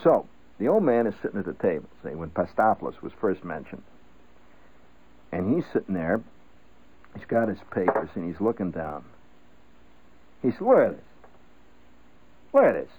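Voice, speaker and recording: Guy spinning a rambling story on the radio, animated, tinny phone-like audio. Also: sits low, moderate pace, long pauses, a little hiss or hum. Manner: conversational, digressive, asides like "see?". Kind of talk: rambling spoken-word storytelling. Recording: tinny narrow-band radio broadcast.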